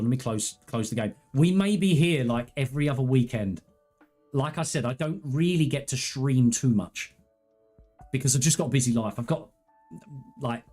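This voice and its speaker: A man with a mid-pitched voice talks casually to his live-stream audience. He is candid and earnest, rambling through personal stories with restarts and asides. Faint music plays behind him. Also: warm tone. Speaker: gaming streamer.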